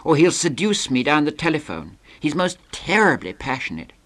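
A man's voice: a little high, sing-song, normal speed, a bit bright, pitched above the performer's own voice. A man voicing a flighty young English woman, a cabaret singer who gushes and coos theatrically. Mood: gushing. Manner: gushing, breathy stage coos.

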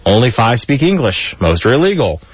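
A brisk, breathy-edged male voice of medium pitch reads jokes aloud on a community radio show, animated and chuckling between them. There is no room sound in the studio, though the broadcast comes through dull and lo-fi.

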